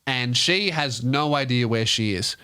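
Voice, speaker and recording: A man's voice: medium pitch, unhurried, sharp tone, smooth. Man telling a profane story. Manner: loose, profane, rambling anecdote. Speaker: comedian podcast host. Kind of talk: comedic storytelling.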